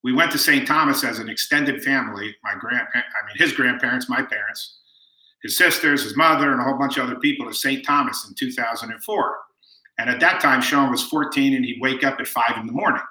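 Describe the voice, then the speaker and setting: In this storytelling interview, a middle-aged man with a mid-range voice recounts family anecdotes a little quickly. He's a warm narrator who quotes people often. The room echoes, and the recording is rough.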